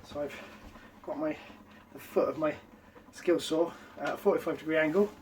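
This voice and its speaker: A chatty, wry man talking through his van build, his voice sitting a touch high for a man. He sounds a little way off from the mic, with faint noise behind him. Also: moderate pace, a little mellow, distant mic. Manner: chatty, wry and self-deprecating. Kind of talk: casual DIY build narration. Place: in and around a camper van, partly outdoors.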